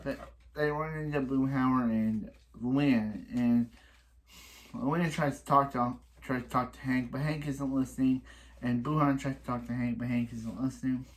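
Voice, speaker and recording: A man's voice: mid-range voice, fairly even intonation, unhurried. A man with an ordinary mid-range voice walks through an episode's plot in a loose, offhand recap. He stumbles, restarts and repeats phrases as he goes, and grows exasperated when he reaches the parts he dislikes. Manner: exasperated complaining. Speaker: reaction video host.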